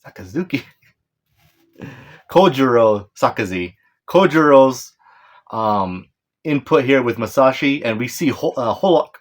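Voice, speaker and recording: A man's voice: medium pitch, expressive, a little slow, long pauses. A man giving a casual, rambling manga chapter breakdown, stumbling over names, correcting himself and apologizing with a chuckle. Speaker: manga reviewer.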